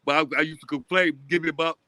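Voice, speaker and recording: A man talking casually about college football on a video call, animated and slangy, repeating himself for emphasis. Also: a little high, quick pace, no room sound. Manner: animated, repeats "I'm telling you", street slang. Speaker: show panelist. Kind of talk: casual sports chat.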